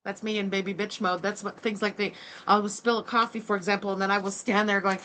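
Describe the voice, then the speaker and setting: A woman in her forties hosting a livestream reaction, loud, mocking and swearing, yelling often. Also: mid-range voice, flat delivery, fast talker, slight background noise.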